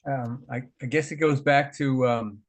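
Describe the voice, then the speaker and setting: A man in a class, answering in a halting, hesitant way. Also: mid-range voice, fairly even intonation. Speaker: class participant.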